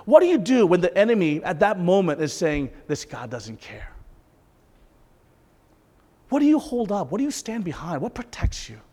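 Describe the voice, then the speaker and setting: A man preaching a sermon as a pastor, impassioned, swinging between intense peaks and soft, hushed asides. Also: high voice, sing-song, a little fast, hardly any pauses. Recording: long reverb of a large hall.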